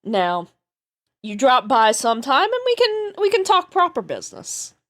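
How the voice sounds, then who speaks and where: A woman's voice: high-pitched, huge pitch swings, normal speed. A woman voicing a flirty businesswoman informant with a put-on Southern American accent, sweet-talking and drawling.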